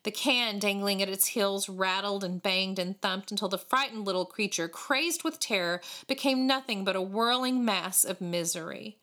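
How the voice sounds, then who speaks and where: A woman reading a storybook aloud in an expressive, animated way. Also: mid-range voice, normal speed, hardly any pauses. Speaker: audiobook reader. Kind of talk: storybook narration.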